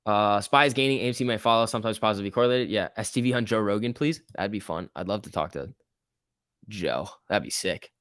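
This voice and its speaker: Young male streamer, low-pitched, dry close-mic sound, loose chatty delivery reading chat and cheering on trades. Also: fast, fairly bright tone, clear, resonant tone, no echo. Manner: chatty, reacts to chat and price moves, cheering the chart on. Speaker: stock market livestream host. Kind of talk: casual live-stream chat reading viewer comments.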